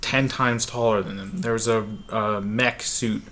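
A man's voice: on the low side, fairly even intonation, a little slow, a bit bright, slight background noise. A man co-hosting a casual gaming podcast, chatty and easygoing as he describes games he saw. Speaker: podcast co-host.

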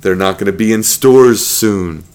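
A man's voice: on the low side, unhurried, darkish tone, smooth. A man co-hosting a casual gaming podcast, loose and profane, prone to playful rants. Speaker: podcast co-host.

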